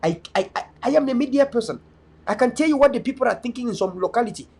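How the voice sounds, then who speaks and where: A man's voice: extremely high pitch, lively intonation, fast talker, a little mellow, slightly rough. A young man speaking as an activist and online media host, delivering a fervent, emphatic political monologue with repeated restarts. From Cameroon, North West (Bui).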